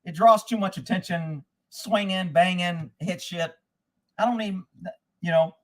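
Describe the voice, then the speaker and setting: A man's voice: high-pitched, unhurried. A man hosting a livestream, ranting angrily and profanely in a rambling monologue and reading out viewer comments. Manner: profane, angry, rambling rants; reads out viewer locations and comments. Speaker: livestream host.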